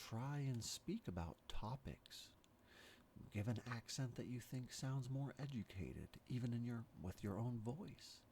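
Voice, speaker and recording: A man giving a rambling spoken meditation, meandering and pausing, his accent and tone drifting as he talks. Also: low-pitched, warm tone, a little hiss or hum. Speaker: meditation speaker.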